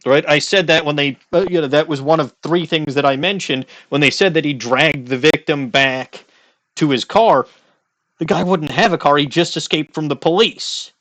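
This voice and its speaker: A man with a Midwestern accent hosts a let's play of a courtroom game, his casual commentary rambling and jokey, with frequent self-interruptions. His pitch is fairly high, his tone a bit bright, his pace moderate. There's no echo.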